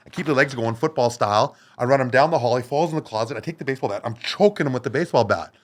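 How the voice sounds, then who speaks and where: A man tells a wild story as a podcast guest, loose and animated, cursing casually. His pitch sits in a normal middle range. He is recorded in a podcast studio. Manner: animated, swearing, acts out others' lines.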